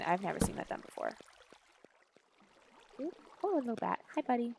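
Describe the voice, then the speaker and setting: A woman's voice: fairly high pitch, sing-song, normal speed, vocal fry, long pauses, darkish tone, slight background noise. A woman streaming a game, chatting casually with playful sarcasm and silly beep-boop noises.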